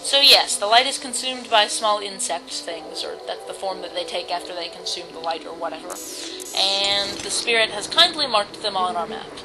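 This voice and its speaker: A woman's voice: mid-range voice, expressive, normal speed, poor audio. A woman giving casual, jokey commentary while playing a video game. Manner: chatty, jokey, self-mocking. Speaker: let's play commentator. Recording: loud game music behind.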